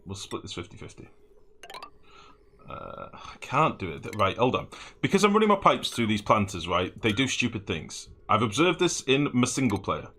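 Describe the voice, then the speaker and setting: Brief: male streamer, low-pitched with a lively, swinging delivery, rambling and sweary, humming while he works. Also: a little hiss or hum. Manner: rambling, sweary, hums and mumbles while building. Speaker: game streamer. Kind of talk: live gameplay commentary.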